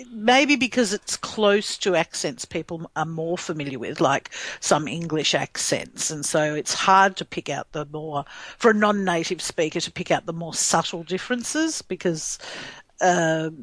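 A woman's voice: lowish voice, expressive, a little slow, dry recording, rough recording. A woman co-hosting a podcast in casual chat, rambling with lots of fillers and frequent laughter. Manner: chatty, laughing often, rambling with many fillers. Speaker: podcast co-host.

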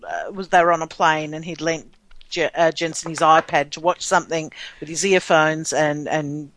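A woman with a bright, crisp voice chats casually as a co-host. She mostly gives encouraging reactions and occasionally explains background details. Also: low voice, normal speed. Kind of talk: casual chat.

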